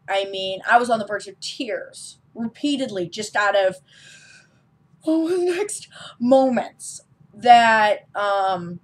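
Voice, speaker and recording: A woman giving a casual, enthusiastic film review as a vlog host, with frequent ums. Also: on the high side.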